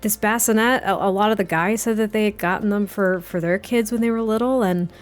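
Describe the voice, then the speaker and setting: Woman reading a jittery young husband in a life-sim game; halting, stammering delivery. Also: mid-range voice, faint music behind, close to an everyday voice. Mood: nervous. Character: nervous young husband, soon a father.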